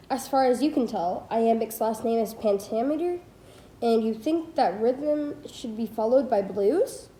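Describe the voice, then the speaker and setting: A woman's voice: a little high, warm tone, echoey room. A teenage girl reading a nonfiction book aloud as a homemade audiobook, careful and plain, with small slips and self-corrections. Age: teens. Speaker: student reader. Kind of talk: amateur audiobook read-aloud.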